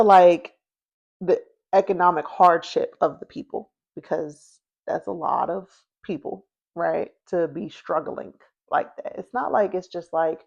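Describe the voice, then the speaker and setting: Slow-talking woman telling history casually. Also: fairly low pitch, creaky, a little mellow, lo-fi sound. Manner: chatty, filler-heavy, checks in with listeners. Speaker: podcast host.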